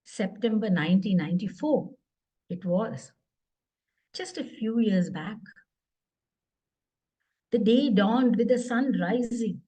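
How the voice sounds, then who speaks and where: A woman storyteller, telling a story live to children in a deliberate way and speaking straight to her listeners. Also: mid-range voice, animated, mellow, slightly rough. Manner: deliberate, addressing listeners directly.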